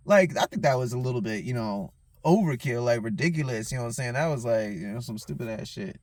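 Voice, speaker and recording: A man's voice: medium pitch, expressive, brisk, no room sound. A tipsy man hosting his own show, telling a story in a heated, profane rant and often asking "you know what I'm saying". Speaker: host.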